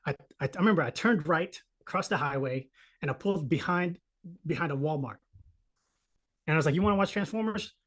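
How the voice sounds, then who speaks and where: Man, 30s, casual podcast storyteller, profane, animated, slightly high-pitched. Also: fairly quick, pauses often. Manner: profane, animated, acts out quoted voices. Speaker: podcast host telling a personal story.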